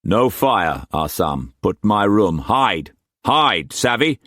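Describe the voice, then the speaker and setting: A man voicing a strong middle-aged merchant with a Scottish accent, speaking low, slow and deliberate. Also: sing-song, fairly bright tone, no echo, clean studio sound, heavily acted. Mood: urgent.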